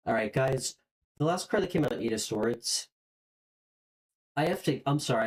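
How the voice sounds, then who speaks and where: A woman's voice: very deep voice, expressive, takes it slowly, long pauses, low-quality recording. A woman hosting a live tarot reading who talks straight to her viewers. She is openly emotional and hesitant, with frequent ums and restarts. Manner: emotional, openly moved, hesitant with many fillers; speaks warmly and directly to viewers. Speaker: tarot reader.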